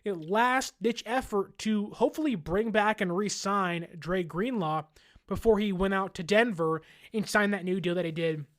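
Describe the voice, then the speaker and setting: A man's voice: high-pitched, normal speed, a bit bright. A man hosting a sports podcast, talking casually and laughing often, sometimes mimicking fans in exaggerated voices. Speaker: podcast host.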